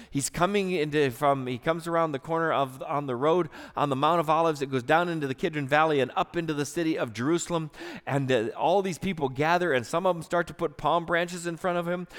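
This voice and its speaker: Earnest preacher in a reverberant hall. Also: male voice, fairly high pitch. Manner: storytelling, earnest, shifts between loud and hushed. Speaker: pastor. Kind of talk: sermon.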